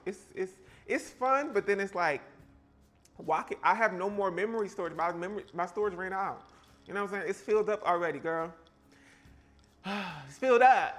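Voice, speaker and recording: A man's voice: high voice, a bit bright. A man from South Carolina, chatting playfully and sassily with viewers while baking live in his kitchen. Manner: chatty, playful, reacts to chat with sassy exclamations. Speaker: live-stream baking host. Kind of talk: casual live-stream chat while baking. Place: home kitchen.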